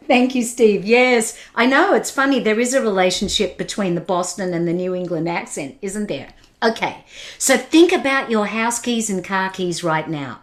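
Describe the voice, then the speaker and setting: A woman's voice: medium pitch, normal speed. A woman giving a motivational webinar talk, putting questions and challenges straight to her audience and laughing along with their comments. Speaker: keynote speaker.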